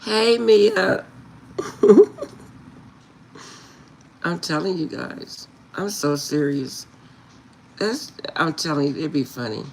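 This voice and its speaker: There's vocal fry in this middle-aged woman's low, unhurried voice as she tells her viewers a humorous family story, with slight noise in the background. A tarot reader, she's animated, laughs often, and repeatedly insists "I'm serious."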